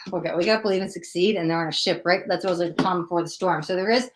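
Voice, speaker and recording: A woman's voice: on the low side, fast. A woman hosting a live psychic tarot reading, chatting with viewers and talking through the cards as she pulls them. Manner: chatty, animated, acts out quoted voices. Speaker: tarot reader.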